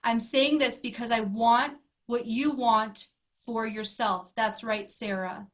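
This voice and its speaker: A woman's voice: a little high, steady tone, slow pace, a bit bright. A woman life coach giving an emotional motivational talk to her group, earnest and emphatic, asking question after question. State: emotional, close to tears.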